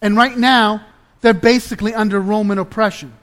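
A man preaching a sermon, deliberate and emphatic, dropping to a low, intense hush at times. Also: fairly even intonation.

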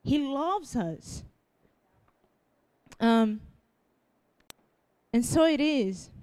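A young woman preaching a personal testimony, her voice sitting a little high. She speaks slowly and haltingly, tearful and restarting her sentences. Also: animated, a little mellow, clear, resonant tone. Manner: halting, restarts often, laughs through tears. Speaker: youth preacher. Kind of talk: emotional testimony sermon.

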